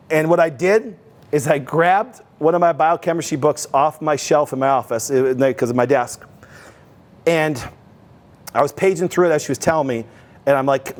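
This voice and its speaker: A man hosting a health show, speaking in a slightly high voice. He tells a long story in an animated, repetitive way, stopping to talk straight to viewers as guys. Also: moderate pace. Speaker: host, health practitioner.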